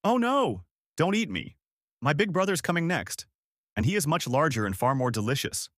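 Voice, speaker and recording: A man's voice: mid-range voice, lively intonation, a bit bright, no echo, clean studio sound, natural voice. A man voicing the middle male billy goat in a storybook tale, pleading in a hurry. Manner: hurried, pleading.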